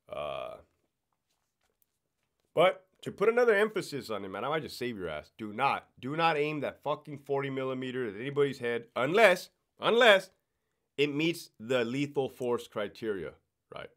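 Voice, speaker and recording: A man in ordinary mid-range pitch who worked as a prison guard, talking shop in a loose podcast chat. He is blunt and swears freely. He checks in with his listeners by tagging his points with "right?". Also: a bit bright. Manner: blunt and profane, explaining rules with lots of swearing. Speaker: former correctional officer.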